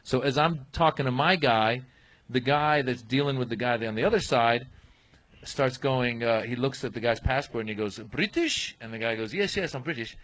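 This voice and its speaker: A man telling an animated story as a guest comedian on a comedy podcast. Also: medium pitch, normal speed, rough recording. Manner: animated storyteller, acts out voices.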